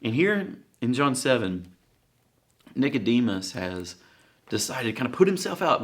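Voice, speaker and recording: A man preaching a sermon in a conversational, halting way, with frequent fillers and restarts. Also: medium pitch, very animated.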